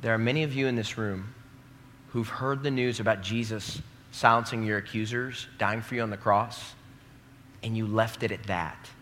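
A young male pastor preaching a sermon to a live congregation, emphatic and building to loud peaks, asking the crowd to repeat lines after him. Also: lowish voice, fairly even intonation, moderate pace, slight background noise. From American Midwest. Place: large hall before a live congregation. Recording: long hall reverb.

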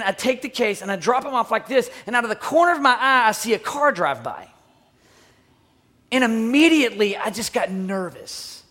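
Animated high-voiced preacher telling a story. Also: male voice. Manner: animated, dramatic storytelling with shouts and hushed asides. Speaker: pastor. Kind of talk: sermon storytelling.

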